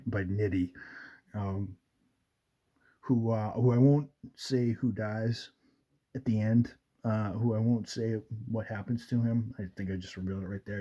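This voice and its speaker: Retelling movie scenes and quoting their lines, this male radio host chats loosely and rambles, dropping in plenty of fillers. He has a fairly low, warm voice with a breathy edge.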